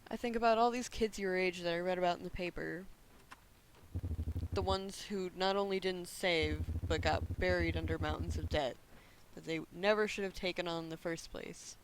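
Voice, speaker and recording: A man reading the lines of a gentle older father who soothes his grown daughter in a soft, reassuring way. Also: sits high, fairly even intonation, moderate pace, slight background noise, rough recording.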